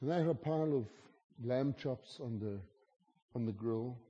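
A man's voice: medium pitch, normal speed, dark tone, breathy edge, dull audio. A man from South Africa with a South African accent, preaching a humorous sermon as a guest. He tells stories in a chatty way and teases the audience. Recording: long reverb of a large hall.

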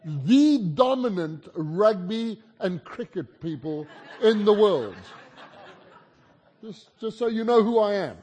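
Pitched high and animated, this man speaks slowly with a slightly mellow, breathy sound. A South African guest preacher, he keeps his sermon humorous, recounting stories conversationally and ribbing the audience, all in a large hall with long reverb.

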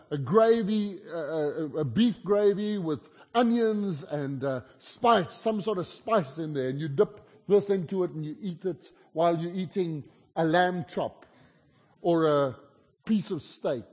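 High, husky South African preacher in a hall. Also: male voice, dark tone. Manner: jokey, chatty, teases the audience. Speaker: guest preacher. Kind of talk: humorous sermon storytelling. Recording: long reverb of a large hall.

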